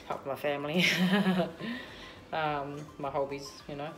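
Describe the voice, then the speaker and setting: A woman's voice: low-pitched, level tone, fast talker, soft background music. A woman with an Australian accent chatting casually to camera as a vlogger at home, rambling with lots of ums.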